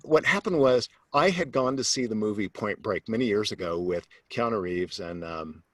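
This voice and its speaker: A man, a sales coach, telling a personal story as an interview guest, animated and acting out the voices of the people in it, then turning low and earnest to make his point. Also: moderate pace, no echo. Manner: animated storyteller who acts out quoted voices; drops to a low, earnest tone when making a point.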